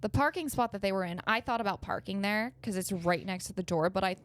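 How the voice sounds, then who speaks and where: A young woman co-hosting a podcast, telling animated stories in casual chat, acting out quotes and swearing freely. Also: mid-range voice, fast talker. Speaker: podcast co-host.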